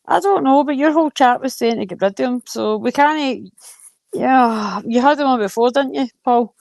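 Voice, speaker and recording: A woman's voice: a little high, moderate pace, gravelly, no room sound. Woman, live stream panel chat, teasing and swearing, dry close sound. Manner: loud, swearing, teasing banter. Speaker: panel guest.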